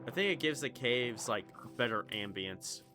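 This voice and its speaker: A man's voice: medium pitch, lively intonation, normal speed, over music. A young man with a slight Southern US accent from Kentucky, rambling and swearing through casual gameplay commentary. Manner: rambling, swearing, jumpy, chatty. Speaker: gaming YouTuber.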